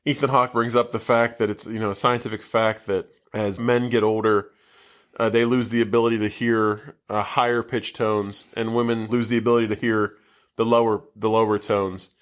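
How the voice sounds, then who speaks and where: A man's voice: lowish voice, flat delivery, normal speed, a bit bright, smooth. A man co-hosting a casual podcast, recapping a movie in a loose, rambling way full of fillers. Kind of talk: casual chat. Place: basement.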